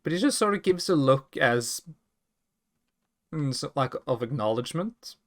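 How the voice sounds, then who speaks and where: A man's voice: mid-range voice, animated, moderate pace. Give me a hesitant man playing a tabletop game. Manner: hesitant, thinking aloud. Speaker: player. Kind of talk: tabletop role-play.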